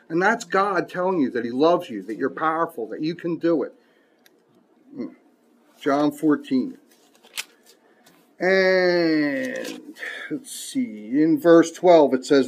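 A man's voice: a little high, lively intonation, measured pace. A man preaching a sermon who reads scripture aloud emphatically and mixes in folksy, casual asides.

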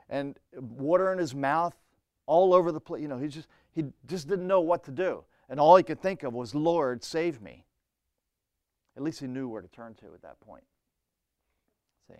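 A man's voice: mid-range voice, clean tone, no room sound, studio quality. A man preaching a sermon in an earnest, conversational way, often restarting phrases and adding "you know".

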